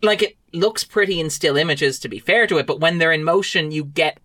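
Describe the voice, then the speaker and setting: A man's voice: fairly high pitch, fairly quick, bright, forceful tone. A man hosting a casual film review chat, wry and chatty. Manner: chatty, wry, acts out scenes in quotes. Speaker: film review show host.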